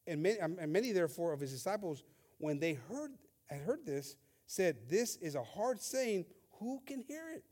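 A man preaching a bilingual sermon, reading scripture slowly and emphatically and rising with emphasis. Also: a little high, warm tone. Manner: switches between English and Spanish, reads scripture slowly and emphatically.

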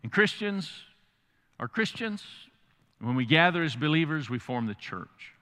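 Bright-voiced pastor in a big hall. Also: male voice, mid-range voice. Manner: folksy, humorous, animated asides. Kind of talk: sermon.

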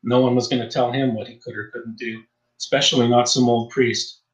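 A man narrates a suspense story in a steady, mid-pitched audiobook voice. The recording has a roomy echo around it. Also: fairly quick. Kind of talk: scripted narration.

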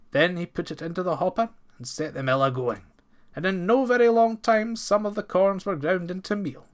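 Male storyteller for a fairy tale, expressive, bright tone. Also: on the high side. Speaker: narrator. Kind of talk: storybook folktale reading.

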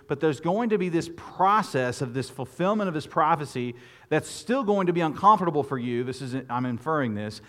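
A man preaching a sermon, lively and expressive, often repeating words and restarting phrases as he talks. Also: fairly quick. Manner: expressive preaching, rising loud and high when quoting Moses. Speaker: pastor.

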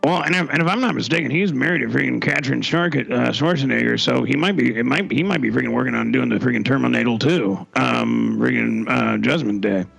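A man on a comedy podcast who talks haltingly with many ums and packs a mild curse word into nearly every phrase. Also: medium pitch, creaky, a bit bright, low-quality recording. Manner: hesitant, stuffs every sentence with one mild curse word.

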